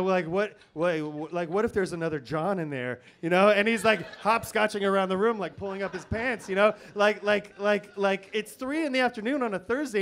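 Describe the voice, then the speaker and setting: Guy doing live storytelling, pretty high voice, nervous rambly delivery with lots of "like"s. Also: a bit bright. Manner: nervous, rambling, many restarts and fillers. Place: live comedy venue.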